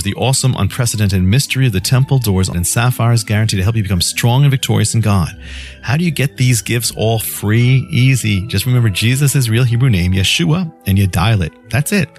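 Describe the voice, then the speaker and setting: A male radio preacher delivering a scripted devotional, storytelling and then pitching free offers emphatically.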